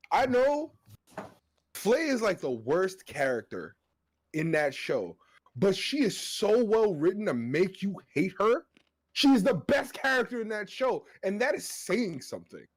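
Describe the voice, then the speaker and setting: A young man hosting a podcast, chatting excitably and laughing loudly. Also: a little high. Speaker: podcast host. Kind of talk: casual chat.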